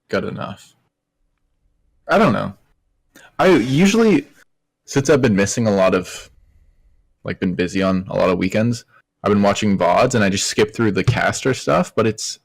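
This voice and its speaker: A young co-host with a low, gravelly voice whose pitch moves a lot, speaking hesitantly and often trailing off. He chats casually over a remote call. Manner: hesitant, trails off, short agreeing replies. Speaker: podcast co-host. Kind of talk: casual esports podcast chat. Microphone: remote call audio.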